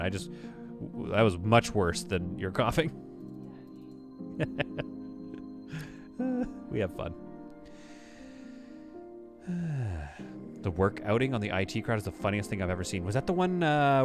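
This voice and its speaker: Lively rambling male game streamer. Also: fairly low pitch, moderate pace, pauses often, over music. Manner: rambling and chatty, laughs often. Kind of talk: casual live gameplay commentary.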